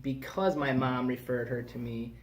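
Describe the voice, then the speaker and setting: A man hosting a casual podcast chat, animated and rambling, laughing at his own jokes. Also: medium pitch, moderate pace. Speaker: podcast host.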